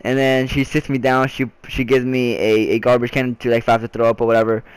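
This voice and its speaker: Young male vlogger, casual rambling storytelling, mid-pitched voice, dry recording. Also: little pitch movement, quick pace, clean tone, no echo. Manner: rambling, frequent restarts and filler words.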